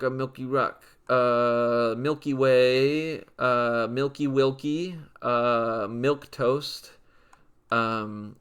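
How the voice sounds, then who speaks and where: A man's voice: medium pitch, a bit bright, smooth. A young man giving casual gameplay commentary, listing names in a dry, matter-of-fact way with amused asides. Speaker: gaming video creator.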